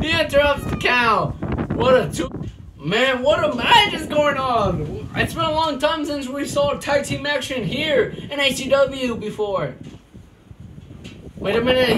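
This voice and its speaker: A man giving excitable amateur wrestling play-by-play commentary, breaking into shouts at the big moves. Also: very high voice, background noise. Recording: distant mic with loud music behind.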